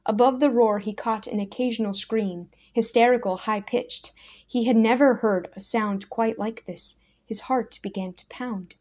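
Soft-spoken woman reading a story aloud. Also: fairly high pitch, steady tone, a little slow. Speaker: narrator. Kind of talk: scripted audiobook narration.

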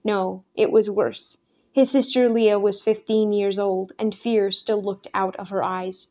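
In this scripted narration, a woman reads a story aloud as an audiobook narrator. Her voice is medium in pitch, and her delivery stays calm and measured.

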